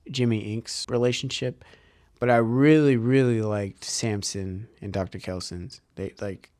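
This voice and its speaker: A man's voice: lowish voice, no room sound, clean studio sound. Rambling casual man recapping a movie. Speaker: movie reviewer.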